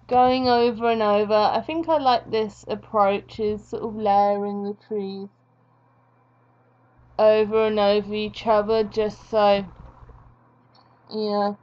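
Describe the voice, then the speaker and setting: With a mid-range voice, a young woman rambles through self-mocking chatter as she draws for her art vlog. The recording has its highs cut off.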